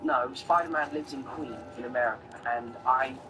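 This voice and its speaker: A man's voice: mid-range voice, moderate pace, music in the background. A young man from London with an English accent, an actor telling anecdotes in an interview. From London, England. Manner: animated, laughing storyteller.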